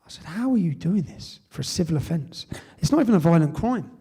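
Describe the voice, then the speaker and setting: A man's voice: fairly high pitch, very animated, a little fast, mellow, husky. Emphatic English man telling a story. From Britain. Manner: emphatic storytelling with frequent tag "yeah?". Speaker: public speaker. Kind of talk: live speech to an audience. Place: event hall.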